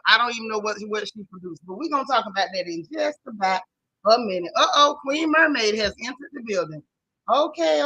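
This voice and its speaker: A woman's voice: on the high side, pushed and bright, no room sound, poor audio. A woman with a Southern US accent hosting a casual live recap chat, greeting viewers by name and talking with sassy slang. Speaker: show recap host.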